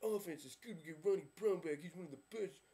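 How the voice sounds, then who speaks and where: Man doing a brash, whiny fan, pitched up high, loud. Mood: indignant. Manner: defensive, boastful, drawn-out "man". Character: brash, whiny adult male football fan.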